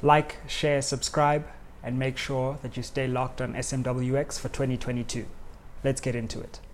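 Upbeat podcast host. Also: male voice, mid-range voice, little pitch movement, moderate pace. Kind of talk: podcast intro.

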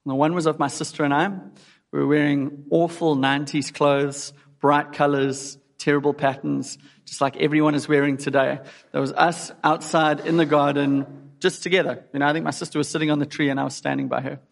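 Gravelly man preaching in a hall. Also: on the high side, little pitch movement, brisk. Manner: earnest, asks listeners direct questions. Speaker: pastor. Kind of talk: sermon. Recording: long hall reverb.

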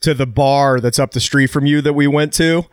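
A man's voice: medium pitch, fairly even intonation, normal speed, clear, resonant tone, no echo, studio quality. A man co-hosting a podcast, chatting casually in a blunt, teasing, matter-of-fact way. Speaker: podcast co-host. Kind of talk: casual chat.

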